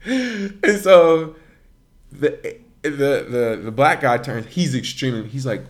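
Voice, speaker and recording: A man, co-hosting a podcast in casual chat and telling a story with lively, laughing delivery. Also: slow. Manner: animated storyteller, laughs often, voice jumps high. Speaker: podcast co-host.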